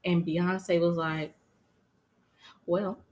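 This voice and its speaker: A woman co-hosting a casual podcast, telling stories in an animated, dramatic way with lots of cursing. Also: lowish voice, normal speed. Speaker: podcast co-host. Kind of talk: casual chat.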